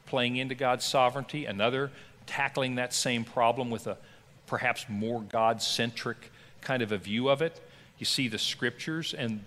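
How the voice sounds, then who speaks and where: A man's voice: mid-range voice, fairly bright tone, in a large hall. A middle-aged man, a pastor teaching a Bible class in a conversational, emphatic way. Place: church classroom.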